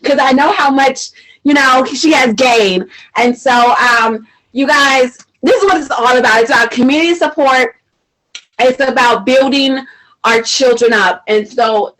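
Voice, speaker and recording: A woman's voice: sits high, a bit bright, low-quality recording. A woman hosting a casual live-stream chat, emotional and tearful, laughing often and rambling with fillers. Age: adult mother. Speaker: host.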